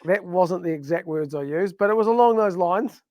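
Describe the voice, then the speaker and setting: High-voiced man joking on a podcast. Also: normal speed, darkish tone, dry recording. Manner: joking, rambling, exaggerates for laughs. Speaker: podcast co-host. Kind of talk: casual banter. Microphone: studio microphone.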